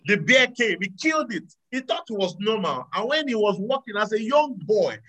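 A man preaching a sermon to a live audience, animated, swinging between loud exclamations and quiet asides. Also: high-pitched, moderate pace, rough recording. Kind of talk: sermon with audience call-and-response.

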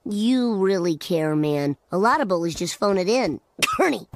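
A woman voicing a nervous cartoon schoolboy who stammers out flattery, eager to please. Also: medium pitch, moderate pace, dry recording, natural voice. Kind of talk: cartoon voice acting.

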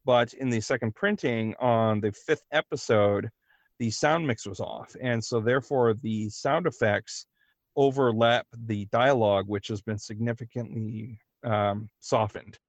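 A young man speaking as a podcast guest, deliberate and fussy about details. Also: medium pitch, dry recording. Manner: deliberate, detail-focused, a little dry. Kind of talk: casual chat.

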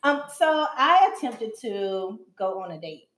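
A woman's voice: mid-range voice, sing-song, unhurried, a bit bright. A woman co-hosting a podcast, telling a personal story in a chatty way. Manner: chatty storyteller, laughs easily. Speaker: podcast co-host. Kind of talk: casual chat.

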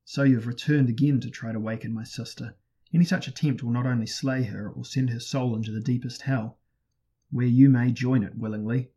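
Man doing a cruel sorcerer prince, husky, loud and threatening, audiobook villain. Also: mid-range voice, fairly even intonation, fairly quick. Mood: menacing.

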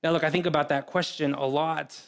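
A man preaching a sermon in an earnest way, often repeating words and pausing. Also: fairly high pitch, fairly even intonation, vocal fry. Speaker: pastor.

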